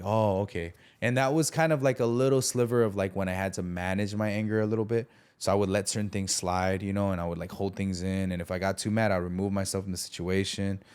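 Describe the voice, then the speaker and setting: Low-voiced man telling his story candidly. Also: a little mellow, clear, resonant tone. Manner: street slang, acts out quoted voices. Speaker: podcast guest.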